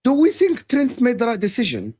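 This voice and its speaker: A man's voice: very high voice, wildly swooping pitch, fairly quick, a little mellow. A man on a football fan panel, laying out his case point by point in casual debate. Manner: lays out arguments, lists points.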